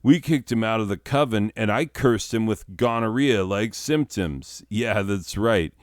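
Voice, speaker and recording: A man's voice: fairly low pitch, measured pace, no room sound, clean studio sound, natural voice. A man playing a petty, boastful teenage boy witch in a comedic character monologue, rambling with lots of fillers. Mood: smug.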